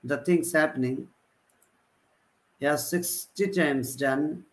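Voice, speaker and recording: Man, online lesson, slow halting delivery, repetitive examples, somewhat high pitch. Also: rough recording. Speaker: English teacher. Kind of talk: live online typing class.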